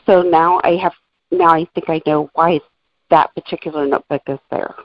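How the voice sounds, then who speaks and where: A woman's voice: sits low, steady tone, moderate pace, no room sound. A woman co-hosting a podcast in casual chat, methodically walking through her notes and transcripts. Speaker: podcast co-host. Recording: dull lo-fi recording.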